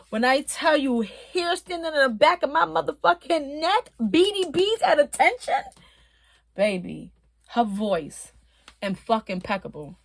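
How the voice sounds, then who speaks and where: A woman with a high, bright voice tells a long personal story straight to the camera. Her delivery is loose and animated, full of swearing and bursts of laughter. The sound is dry and close, with no room echo. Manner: animated, profane, laughing, emotional. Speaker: vlogger recounting her prison time. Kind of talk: casual storytelling.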